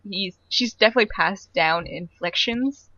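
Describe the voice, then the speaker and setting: A young woman co-hosting a casual podcast chat, talking fast with lots of "like" and frequent laughs. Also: medium pitch, pushed and bright, breathy edge, highs cut off. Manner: chatty, laughs often, lots of "like". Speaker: podcast co-host.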